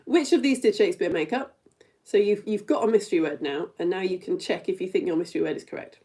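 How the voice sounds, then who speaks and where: In a fast, warm, fairly low-pitched voice, a middle-aged woman hosts a live-streamed quiz lesson for viewers of all ages. She keeps it playful, giggles often, and speaks straight to her audience.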